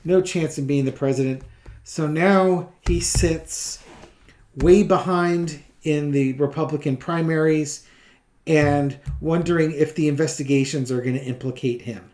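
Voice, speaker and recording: A man's voice: a little high, steady tone, unhurried, darkish tone. Chatty man giving blunt opinions. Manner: chatty and offhand, laughs between remarks; opinionated, repeats points for emphasis. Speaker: tarot reader hosting his own channel. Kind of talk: casual spoken commentary.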